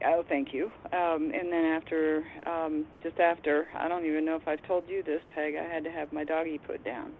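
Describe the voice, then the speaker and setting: A woman's voice: flat delivery, normal speed, few pauses. A woman calling in to a talk show, chatting in a meandering way and hesitating with many "um"s. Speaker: caller. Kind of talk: casual phone chat. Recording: tinny phone line with faint rumble.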